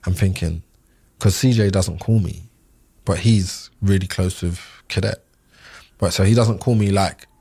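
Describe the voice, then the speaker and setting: A man in his thirties, a podcast guest, recalling a loss in a halting way with many fillers and restarts. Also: deep voice, a little mellow, husky, no room sound. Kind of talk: emotional interview recollection.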